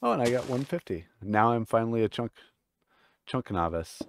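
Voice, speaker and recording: A man's voice: mid-range voice, big pitch swings, normal speed, creaky, slight background noise. A man hosting a casual co-op game session, chatty and amused, laughing often. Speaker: gaming channel host. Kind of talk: casual co-op gaming chat.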